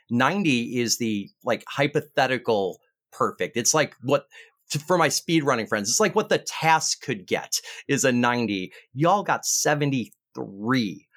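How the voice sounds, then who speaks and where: A man hosting a word game podcast, keeping score and teasing the players. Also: medium pitch. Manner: animated, teasing, rapid bursts of scorekeeping. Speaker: game show host.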